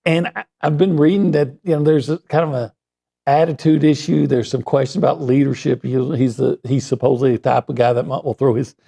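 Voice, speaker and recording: A man speaking as a sports columnist guest, giving measured opinions with pauses and fillers. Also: mid-range voice, steady tone, creaky, warm tone, breathy edge. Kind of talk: casual sports talk.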